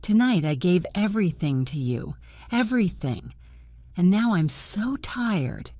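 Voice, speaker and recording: A frightened young opera singer, worn out and pleading in a soft, raised voice, as a woman reads her out in a storybook. The delivery is unhurried and set in a dry, close space. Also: on the low side, animated, no room sound. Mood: unhappy, afraid.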